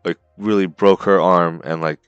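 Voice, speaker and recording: A man co-hosting a podcast, recapping a story in an excited, slangy way and calling his co-host bro and dude. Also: sits low, normal speed, smooth, no room sound, muffled recording, soft background music. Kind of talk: casual chat.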